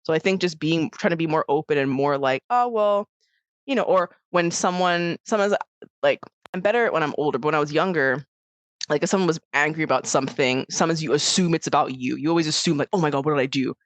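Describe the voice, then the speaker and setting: A woman's voice: low voice, fast, no room sound. A woman co-hosting a podcast in casual chat, rambling with many fillers and restarts, acting out quoted voices as she tells stories. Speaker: podcast co-host.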